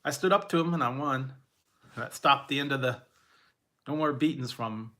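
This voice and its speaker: A man tells personal stories in a loose, rambling way. He stops and restarts his sentences and chuckles often. His voice is bright and forceful at a middling pitch. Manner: rambling, halting, laughs often. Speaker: vlogger. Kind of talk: casual personal storytelling.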